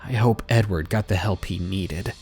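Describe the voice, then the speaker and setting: A man narrating a true scary story in an expressive, dramatic reading style with hushed asides. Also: low-pitched, moderate pace, gravelly, soft background music. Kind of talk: scripted horror story narration.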